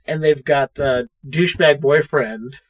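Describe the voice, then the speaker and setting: A slightly higher-voiced man chats loosely on a podcast, recapping a film with plenty of swearing. He keeps slipping into quick character voices as he retells scenes. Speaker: podcast co-host. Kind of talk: casual movie review chat.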